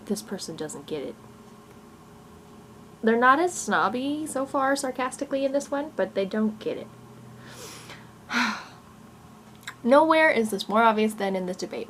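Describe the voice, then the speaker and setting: Young woman novelist, sarcastic rambling vlog rant, mid pitch, chuckles often, faint hum behind. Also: fairly bright tone. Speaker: novelist and vlogger. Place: room at home, growing dark. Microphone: camera mic.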